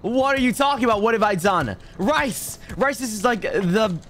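A man's voice: high voice, expressive, moderate pace, a bit bright, slight background noise. A male streamer playing a co-op game, playful and panicky, who repeats himself and swears a lot. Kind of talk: casual gaming banter.

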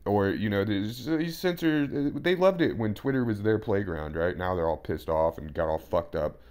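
A man's voice: fairly low pitch, lively intonation, moderate pace, darkish tone. A man casually reacting to a podcast clip, rambling and swearing with exasperation.

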